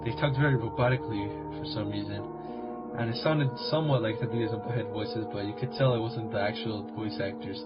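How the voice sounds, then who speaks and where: A man reading a parody creepypasta for laughs, rambling and crude with self-mocking asides. The recording is dull and lo-fi, with loud music playing under his voice. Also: lowish voice, fairly even intonation, fairly quick. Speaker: video host.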